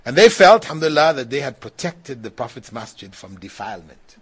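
A man giving a relaxed religious lesson, talking conversationally, laughing now and then and often saying "you know". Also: medium pitch, brisk, husky. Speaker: Islamic teacher. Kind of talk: religious lecture with questions.

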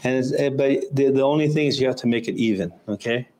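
A man teaching pronunciation patiently, repeating each sound over and over and slowing down to chant the examples. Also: mid-range voice, warm tone. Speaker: Quran recitation teacher. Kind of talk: pronunciation lesson.

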